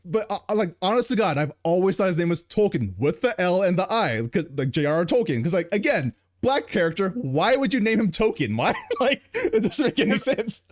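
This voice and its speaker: A man's voice: high-pitched, fairly quick, hardly any pauses. A man with an American accent, co-hosting a podcast in casual chat, telling a story with lots of laughter. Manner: laughs often, animated storytelling. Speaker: podcast co-host.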